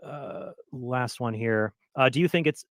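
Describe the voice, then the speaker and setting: A man's voice: mid-range voice, unhurried, fairly bright tone, dry recording. A man questioning his opponent in a formal debate, probing with some hesitant fillers.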